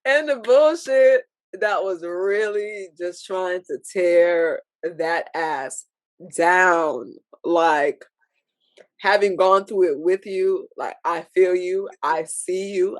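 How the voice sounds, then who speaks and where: Slow, tearful heartfelt woman. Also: fairly low pitch, dry recording. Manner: tearful, slow and heartfelt, laughing through tears. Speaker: podcast co-host. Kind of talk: emotional casual podcast talk.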